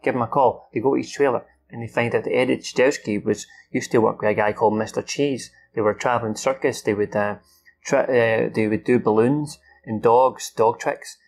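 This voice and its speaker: Young male host, gravelly, swears and acts out lines, unscripted recap. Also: mid-range voice, fairly even intonation, a little fast, darkish tone, faint music behind. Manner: rambling, swears freely, acts out the characters' lines. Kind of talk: unscripted film recap from memory.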